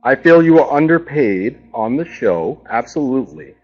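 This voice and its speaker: A man's voice: mid-range voice, expressive, normal speed, soft background music. Pushy man on a muffled line. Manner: pushy, fills with uh. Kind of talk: confrontational questioning. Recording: dull lo-fi sound.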